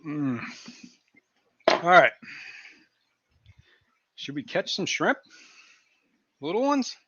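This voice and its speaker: A man's voice: on the high side, sing-song, drawn-out words, a bit bright, husky, dry recording. Brief: male stream host, giggly and loose, dry, muffled lo-fi audio. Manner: giggly, keeps cracking himself up. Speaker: fishkeeping livestream host. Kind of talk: casual live-stream chat. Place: indoor fish room.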